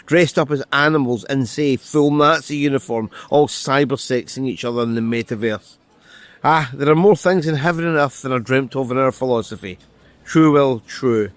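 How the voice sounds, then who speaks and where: A middle-aged author reading from his novel and chatting as a guest, wry and quick to correct himself, recorded outdoors by a street. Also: a little high, no echo. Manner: dry, wry and self-correcting. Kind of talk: reading aloud from a novel, then casual conversation.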